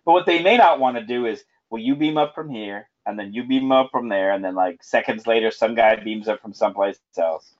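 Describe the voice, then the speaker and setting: Man, podcast co-host, relaxed explainer, mid pitch, lo-fi audio. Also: fairly quick. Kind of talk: casual chat. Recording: dull lo-fi audio.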